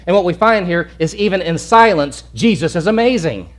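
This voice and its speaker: A man's voice: high voice, lively intonation, normal speed. A male pastor preaching a sermon in an earnest, emphatic way, often restarting and repeating words.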